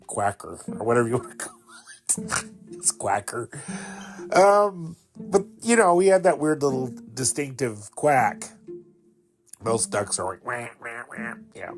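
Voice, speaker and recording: A man in his fifties hosting a podcast, telling a personal story in a rambling, fond way, with many fillers and laughs. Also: medium pitch. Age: 50s. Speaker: podcast host.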